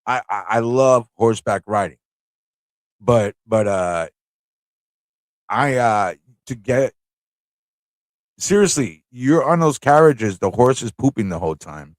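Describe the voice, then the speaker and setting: A man's voice: medium pitch, expressive, takes it slowly, long pauses, no room sound. A man from New hosting a live online show, telling rambling, laughing stories with plenty of swearing. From New York City. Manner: rambling, laughing, profane storytelling. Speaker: show host. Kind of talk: casual live-stream chat.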